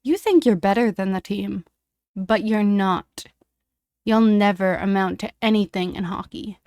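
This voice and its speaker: A woman voicing a sneering young male bully who taunts in a sharp, loud way. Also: a little high, expressive, unhurried, no room sound, clean studio sound, pitched above the performer's own voice. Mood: taunting.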